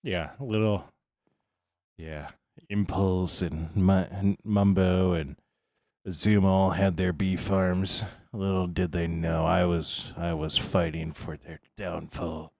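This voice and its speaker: A man with a very low voice talks easily to his live chat, greeting viewers one by one. He sounds tired but friendly and unhurried. The sound is dry and close, with no room echo. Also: creaky. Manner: relaxed, chatty, greets chat by name. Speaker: streamer. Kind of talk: casual live-stream chat.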